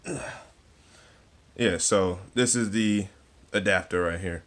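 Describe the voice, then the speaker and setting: A man's voice: low-pitched, slow pace, fairly bright tone. A young man vlogging in a casual, laid-back way with slangy, self-deprecating asides, recorded in a cluttered room at home. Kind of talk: casual product walkthrough.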